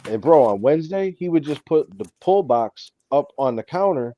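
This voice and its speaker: A man with a New York accent, serving as co-host, tells an energetic story in relaxed conversation and impersonates the people he quotes. His voice is on the high side at normal speed, and the sound is dull and lo-fi.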